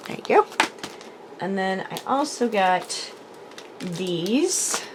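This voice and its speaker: A woman with a medium-pitched, sing-song voice speaks slowly over a noisy background. Hosting a crafting channel, she films a casual haul video in her home craft room, chatting enthusiastically with lots of ums and little laughs as she shows products to the camera.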